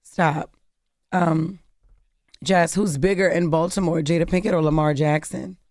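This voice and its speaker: A woman from Maryland with a deep, raspy voice, co-hosting casual morning radio banter in a studio, animated and quick to laugh. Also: no room sound. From Maryland, USA. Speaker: radio co-host. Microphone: studio microphone.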